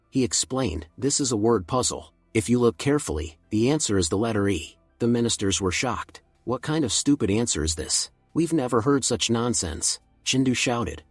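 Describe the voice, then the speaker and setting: A man narrating a comic recap in a brisk, even storytelling delivery, lightly voicing the quoted lines. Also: mid-range voice, husky, no room sound.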